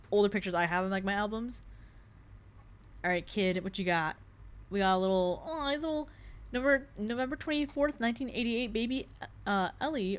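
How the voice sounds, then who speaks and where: Excitable young woman streaming a game. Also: on the high side. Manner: excitable and jumpy, laughs and swears often. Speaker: VTuber streamer. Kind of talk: casual gaming stream commentary.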